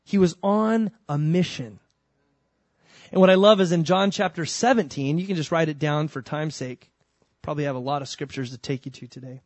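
A man with a fairly high pitch preaches a sermon, captured in a dry recording. He keeps it animated and conversational, moving from loud emphasis to soft asides and slipping in humorous ones.

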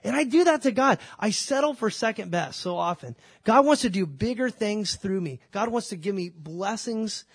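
A man's voice: sits high, lively intonation, normal speed, few pauses, slightly rough, no room sound, clean studio sound. A man preaching a sermon, telling stories and acting out biblical dialogue. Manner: storytelling, acts out biblical dialogue. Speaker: pastor.

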